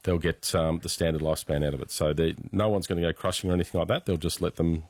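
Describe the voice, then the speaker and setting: Deep-voiced man explaining cars. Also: steady tone, darkish tone, no echo, studio quality. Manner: measured, explanatory, many fillers. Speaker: motoring expert on radio. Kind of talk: radio call-in chat.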